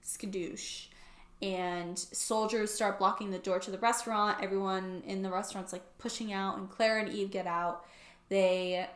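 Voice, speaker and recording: A woman's voice: medium pitch, fairly even intonation, moderate pace. Chatty young woman in an echoey room. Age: young adult. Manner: chatty and sarcastic, heavy use of "like". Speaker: book YouTuber. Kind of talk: casual book plot summary.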